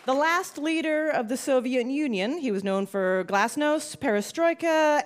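A woman hosting a live quiz show, bubbly and quick to laugh as she reads clues and calls on players. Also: sits high, animated, a faint crowd.

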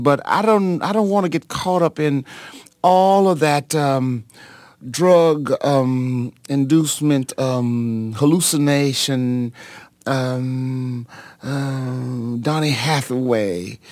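A middle-aged man, a pastor, telling his life story in an interview in a dramatic, halting way, with many ums and sudden leaps in pitch. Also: no room sound. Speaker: pastor and singer, interview guest.

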